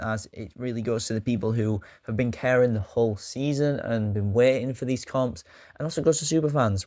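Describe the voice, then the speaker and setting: A man's voice: mid-range voice, no echo, studio quality. A man hosting a casual vlog, talking in a rambling, joking way with self-mocking asides. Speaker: YouTube host.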